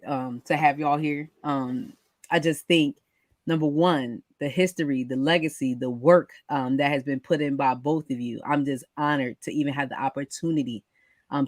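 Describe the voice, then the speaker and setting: A woman's voice: deep voice, dry recording, studio quality. A woman hosting an interview who sounds enthusiastic and gracious and uses many fillers as she talks. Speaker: host. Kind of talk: casual interview talk.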